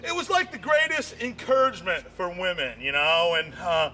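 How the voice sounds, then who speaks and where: High-voiced man rambling through stand-up. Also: normal speed, a little hiss or hum. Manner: rambling and repetitive, with frequent "you know"; voice jumps high when excited. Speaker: stand-up comedian.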